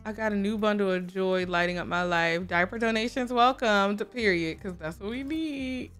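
A woman, hosting a casual, excitable let's-play and chatting to viewers as she plays. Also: mid-range voice, normal speed, faint music behind. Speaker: gaming video host. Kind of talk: casual game commentary.

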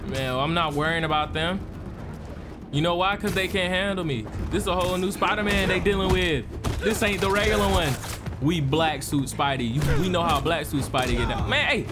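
A man giving casual let's-play commentary, excitable and full of slang, trash-talking enemies. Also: a little high, a little fast, over music. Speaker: gaming streamer.

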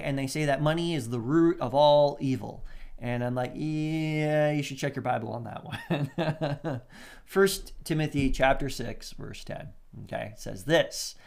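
A man preaching a sermon in a conversational way, with frequent laughs, asides and voiced-out quotes. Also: mid-range voice. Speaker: pastor.

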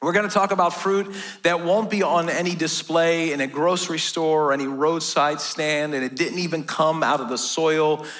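Joking, conversational American pastor, higher pitch. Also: male voice, steady tone, moderate pace, fairly bright tone. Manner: conversational and joking, often asks "right?". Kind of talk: sermon. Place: church.

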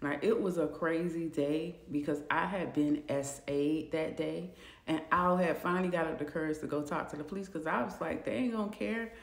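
A young woman casually telling a personal story to camera, animated and jumping high when she acts out her own shock. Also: normal speed. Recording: echoey room.

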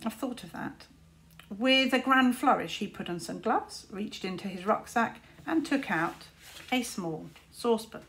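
A woman teacher reads a children's storybook aloud, expressive and animated, at a measured pace. Her voice sits at medium pitch, and there is slight background noise.

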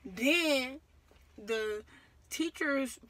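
A young woman telling a story on her vlog, slangy and rambling, getting loud and heated as she goes. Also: sits high, drawn-out words. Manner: animated and loud, builds to shouting in quoted exchanges. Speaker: vlogger.

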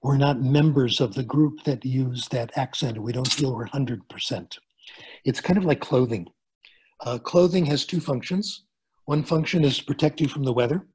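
Older male professor on a webinar: husky, conversational, fond of jokes and everyday examples. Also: mid-range voice, normal speed, a little mellow. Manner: chatty, joking asides, plain examples. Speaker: guest speaker, linguistics professor. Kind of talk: webinar lecture answering questions. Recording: video call.

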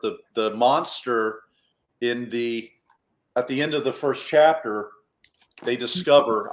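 A man's voice: medium pitch, echoey room. Chatty, self-deprecating male author. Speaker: children's author and illustrator. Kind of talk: casual storytime talk.

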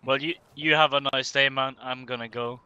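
A man's voice: medium pitch, steady tone, fairly quick, sharp tone, clear, resonant tone, muffled recording. A man in game voice chat, speaking in a hesitant, easygoing way. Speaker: rival player in voice chat.

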